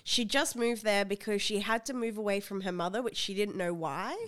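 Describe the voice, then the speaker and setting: A woman's voice: mid-range voice, a little fast, fairly bright tone, clean tone. A woman co-hosting a podcast, making dry teasing remarks. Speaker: podcast co-host. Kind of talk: casual chat.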